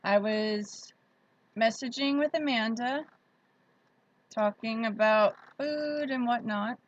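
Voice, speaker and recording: A woman's voice: a little high, slow pace, lo-fi sound. A woman hosting a casual livestream, chatting in a friendly way and greeting viewers by name. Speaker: livestream host. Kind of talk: casual livestream chat reading viewer comments.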